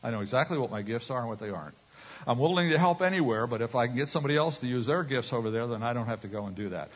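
A man's voice: mid-range voice, very fast. A man preaching a sermon from a stage, telling personal stories and acting out other people's voices. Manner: animated, acts out voices in anecdotes. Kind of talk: storytelling sermon. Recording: reverberant hall.

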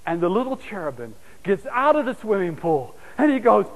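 A man delivering a sermon in a fairly high voice, storytelling with big swings between loud, urgent calls and hushed, soft asides. His words ring out with a long reverb, as if in a large church hall. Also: big pitch swings, normal speed, few pauses, highs cut off. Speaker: preacher.

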